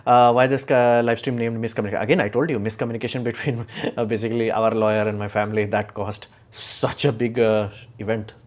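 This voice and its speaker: A man's voice: fairly low pitch, flat delivery, fast talker, few pauses. Rambling opinionated man on a live stream. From India. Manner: opinionated, rambling with many fillers and restarts. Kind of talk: casual live stream talk.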